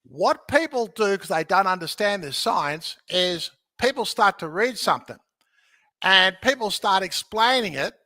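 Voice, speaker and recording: A man talking as a podcast guest who teaches real estate, energetic and jokey, often checking in with "okay?" as he explains. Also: high-pitched, unhurried, no echo. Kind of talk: animated teaching in conversation.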